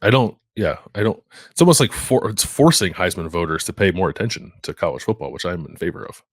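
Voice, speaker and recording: Deep-voiced dude on a sports podcast, mostly agreeing, thinking out loud, dry sound. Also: male voice, very animated, quick pace, husky, dry recording. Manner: agreeable, thinking aloud with fillers. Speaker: podcast co-host. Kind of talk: casual sports talk.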